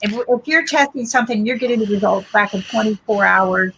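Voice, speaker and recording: A woman speaking on an online panel, laying out her point earnestly and often restarting her words. Her voice is mid-pitched and steady. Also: a little fast, a little hiss or hum, poor audio. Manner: earnest, explanatory, repeats words. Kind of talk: casual panel discussion.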